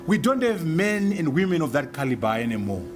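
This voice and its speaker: A man's voice: fairly high pitch, sing-song, brisk, music in the background. A man from Zimbabwe giving an emphatic, rhetorical public speech, repeating key phrases for effect. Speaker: speaker.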